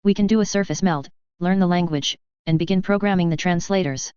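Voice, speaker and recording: A narrator voicing a calm, patient female alien matron who speaks in a measured, formal way. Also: mid-range voice, smooth, no room sound, dull audio, lightly acted. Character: calm older female Asari matron diplomat.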